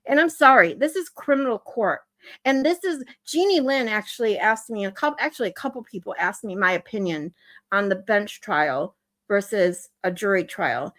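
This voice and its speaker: Fed up with her chat, a casual livestream host rants while reading and answering comments from viewers. She sounds expressive and a bit bright, with a medium pitch and a moderate pace.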